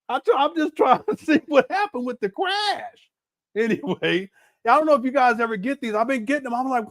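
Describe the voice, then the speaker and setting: Host, man, high lively delivery, dry close sound. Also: a little fast, dry recording. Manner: animated, laughing, exclaiming. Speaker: commentary host. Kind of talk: casual reaction commentary.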